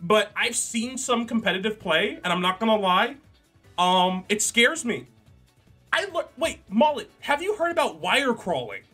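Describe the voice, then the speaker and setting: Young man, jokey livestream host, slightly high voice, faint background music. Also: big pitch swings, unhurried, bright, forceful tone, slightly rough. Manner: chatty, jokey, reads chat aloud. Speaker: streamer. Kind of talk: casual livestream chat.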